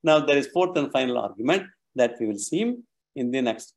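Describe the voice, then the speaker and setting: A man's voice: medium pitch, lively intonation, normal speed. A man giving a scripture lecture, explaining step by step with patient, repetitive phrasing and frequent restarts. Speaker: scripture teacher.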